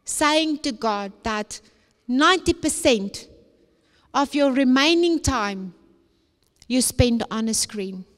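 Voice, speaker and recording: A woman's voice: high-pitched, expressive, slow, pauses often. A woman giving an emphatic, preacher-like talk to young people at a conference. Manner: emphatic, repetitive preacher-like phrasing. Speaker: conference speaker. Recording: long hall reverb.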